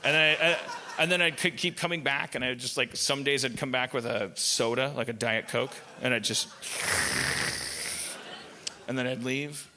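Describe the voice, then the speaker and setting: A man's voice: mid-range voice, fairly even intonation, moderate pace, background noise. A man hosting a live comedy podcast on stage, riffing in a profane, meandering monologue. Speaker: podcast host.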